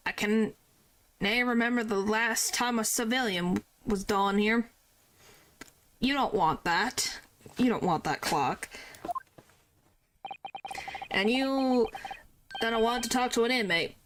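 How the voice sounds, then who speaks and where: A woman voicing a gruff older male prison governor with a Scottish accent, reading game dialogue aloud in a curt, dismissive way. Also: a little high, takes it slowly, pauses often, a bit bright. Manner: curt, dismissive, clipped dialect.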